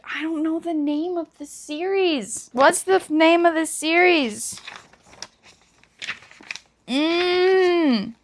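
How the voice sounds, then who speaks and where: High-voiced gushing book vlogger woman. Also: slow pace, pauses often, a little hiss or hum. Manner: gushing, emotional, dramatic emphasis. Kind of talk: casual chat.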